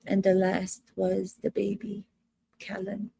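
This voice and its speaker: A woman's voice: medium pitch, monotone, takes it slowly, vocal fry, dark tone, a little hiss or hum. A woman acting coach giving casual commentary to camera, emphatic and repetitive, asking rhetorical questions. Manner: emphatic, repeats phrases, asks rhetorical questions.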